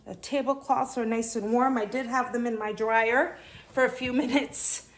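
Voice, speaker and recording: A woman's voice: fairly high pitch, fairly even intonation, normal speed. A woman hosting a home cooking lesson, chatty and explaining each step, a bit out of breath from kneading dough. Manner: chatty, talks viewers through each step. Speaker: cooking channel host. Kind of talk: casual cooking demonstration.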